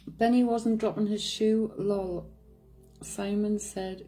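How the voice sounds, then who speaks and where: A woman's voice: medium pitch, fairly even intonation, drawn-out words, warm tone, faint music behind, rough recording. A woman, a psychic medium, chatting casually on a live stream, reading out viewers' comments, answering them and laughing often.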